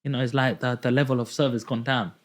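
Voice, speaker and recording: A young man chatting on a podcast, telling an animated story and acting out the dialogue in it. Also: medium pitch, fast talker. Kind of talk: casual podcast chat.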